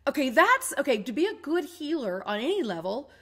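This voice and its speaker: A woman's voice: sits high, very animated, fairly quick, fairly bright tone. A woman hosting an interview, eager and affirming, often chiming in with agreement. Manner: affirming, eager, frequent backchannel. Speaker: talk show host. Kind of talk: interview chat.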